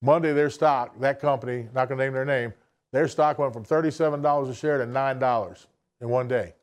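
A man's voice: mid-range voice, a little fast. A man, giving a blunt, folksy motivational talk to an audience. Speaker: business speaker addressing an audience. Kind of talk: motivational speech.

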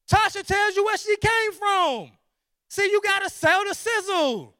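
A man giving an energetic, preachy motivational sales presentation, full of rhetorical questions and repetition. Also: very high voice, a little slow, no room sound, clean studio sound. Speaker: sales team leader.

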